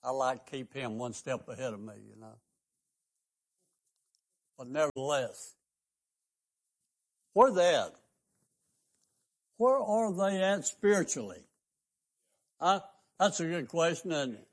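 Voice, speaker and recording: A man's voice: fairly high pitch, expressive, slow, long pauses. An older man, preaching a fervent sermon as a radio pastor and host, stressing his points with rising questions.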